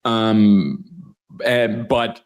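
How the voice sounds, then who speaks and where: A man's voice: lowish voice, steady tone, drawn-out words, clean tone. A man speaking as a guest in an interview, candid and blunt, swearing now and then, with many "um"s and restarts. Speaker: guest commentator. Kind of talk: conversational interview.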